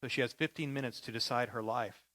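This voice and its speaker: A man's voice: mid-range voice, fairly even intonation, quick pace, bright, forceful tone. A male pastor preaching a sermon with vivid, dramatic storytelling.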